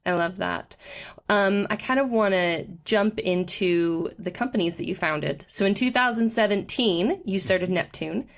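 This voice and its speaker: Female interviewer, unhurried and measured. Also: mid-range voice. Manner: measured, laughs along. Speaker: podcast co-host.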